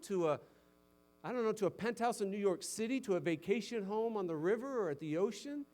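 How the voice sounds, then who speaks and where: Delivering a sermon, a man who is a pastor builds to loud, forceful exhortation, then falls back to a low, soft voice.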